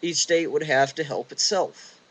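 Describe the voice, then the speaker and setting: A man's voice: fairly high pitch, measured pace, low-quality recording. A young man ranting casually and indignantly, rambling with restarts, recorded outdoors in the wind. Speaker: vlogger. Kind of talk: casual rant.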